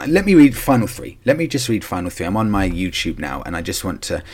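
A man's voice: low voice, very animated, fast talker, darkish tone, breathy edge. An English man hosting a casual solo podcast, chatty and rambling, with emphatic asides and lots of fillers. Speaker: podcast host.

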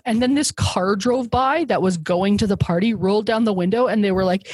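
A woman's voice: mid-range voice, fast talker, hardly any pauses, a little mellow, husky, no echo. A young woman telling a rambling story in casual chat, laughing often and acting out what others said.

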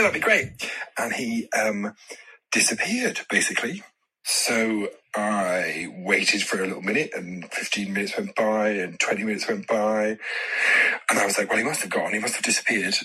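A man telling a self-mocking story in a voice note, chatty, with his voice jumping high for quoted lines. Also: pushed and bright, breathy edge, low-quality recording. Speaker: caller sending a voice note. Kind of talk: casual anecdote.

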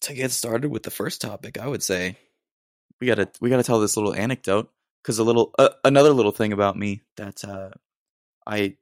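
A man's voice: fairly low pitch, brisk, dry recording, clean studio sound. A young American man hosting a casual solo podcast, rambling in a self-deprecating way with lots of ums and restarts. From United States. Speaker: podcast host.

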